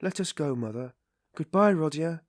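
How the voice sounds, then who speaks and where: An earnest young woman, as a male narrator puts her on, firm yet gentle, speaks high and restrained. The voice is dry and close to the mic. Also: expressive, moderate pace, no room sound, natural voice. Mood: earnest concern.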